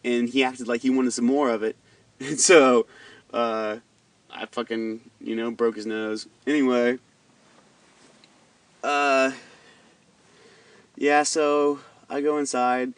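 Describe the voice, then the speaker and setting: A young man vents a long personal story in a loose, profane, heated ramble. His voice sits at a middling pitch. It sounds dry and a little distant from the microphone. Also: flat delivery, takes it slowly, long pauses, dry recording. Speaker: vlogger. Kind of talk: casual storytelling rant.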